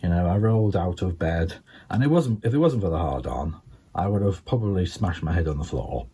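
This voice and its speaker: A man's voice: fairly quick, slightly rough. An older man with a Scouse accent doing a rambling stand-up comedy routine, full of ums and asides. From England. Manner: rambling, filled with ums and you-knows, lively pitch swings.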